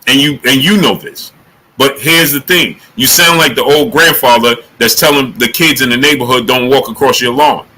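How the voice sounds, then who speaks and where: Bright, punchy man hosting a live stream. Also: medium pitch, moderate pace, rough recording. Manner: energetic, emphatic, repeats questions. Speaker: boxing show host. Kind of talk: live-stream talk with chat shout-outs.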